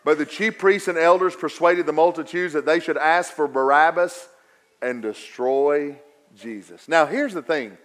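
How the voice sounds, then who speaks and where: A man preaching a sermon, swinging from quiet stretches to raised, emphatic repetition. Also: a little high, normal speed. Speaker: pastor.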